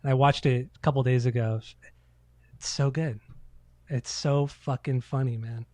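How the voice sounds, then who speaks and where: A man's voice: medium pitch, steady tone, normal speed, mellow, no room sound. A man co-hosting a casual podcast, telling loose, profane stories and acting out quotes. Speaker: podcast co-host. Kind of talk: casual chat.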